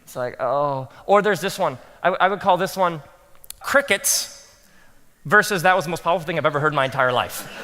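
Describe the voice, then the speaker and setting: A man speaking as a pastor to a live audience, telling animated stories and acting out his own thoughts in soft asides. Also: fairly high pitch, quick pace, long reverb tail. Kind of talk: talk to pastors, animated storytelling.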